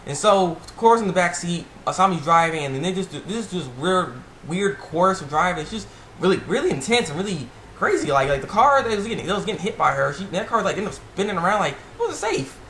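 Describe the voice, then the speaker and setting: A man's voice: sits high, fast talker. Rambling man recapping a show in an echoey room. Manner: rambling and excitable, full of fillers and restarts. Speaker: TV episode reviewer. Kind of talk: casual episode recap. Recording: echoey room with faint background noise.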